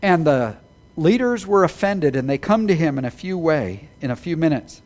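A man preaching an Easter sermon, building to emphatic peaks with quick apologetic asides. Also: on the high side, big pitch swings, a little mellow. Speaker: pastor.

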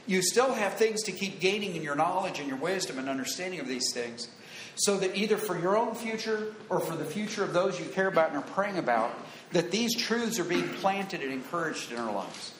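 A man's voice: high voice, a little hiss or hum. A man preaching a sermon to a room, teaching earnestly and quoting scripture with emphatic repetition. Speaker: pastor. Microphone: wired handheld or lapel mic. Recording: echoey room with faint ambience.

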